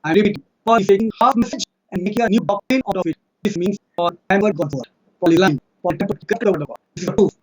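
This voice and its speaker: A man with an Indian accent arguing in a fast, insistent debate monologue, citing verses and repeating his points. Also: sits high, poor audio. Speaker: religious debater.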